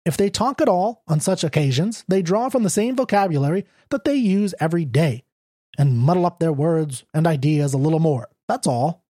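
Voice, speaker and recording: A man's voice: a little high, animated, normal speed, warm tone, no echo, studio quality. A man reading a stubborn, unshaven young story writer who speaks bluntly and with slang, in an audiobook. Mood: argumentative.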